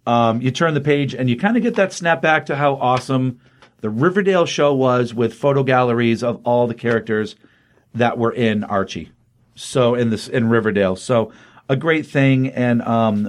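A man co-hosting a podcast, casually retelling a comic's story in a rambling way, slipping into quoted lines as he goes. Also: medium pitch. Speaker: podcast co-host. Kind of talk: casual chat recapping comics.

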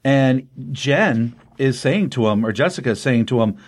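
Recapping a comic on his podcast, a man speaks at a moderate pace in an expressive, medium-pitched voice. The casual retelling wanders, full of ums and restarts, with quick bits where he acts out what the characters say.

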